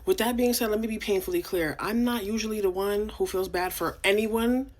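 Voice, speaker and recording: A woman's voice: mid-range voice, brisk. A young woman from New York City co-hosting a podcast, ranting bluntly and profanely in casual reality-TV commentary. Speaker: podcast co-host.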